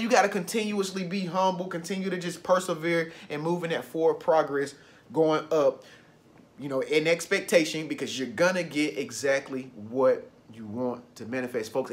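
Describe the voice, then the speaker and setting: Man, high voice, casual motivational vlogger who repeats key phrases. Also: moderate pace. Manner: loose, conversational, repeats phrases for emphasis. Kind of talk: motivational talk to camera.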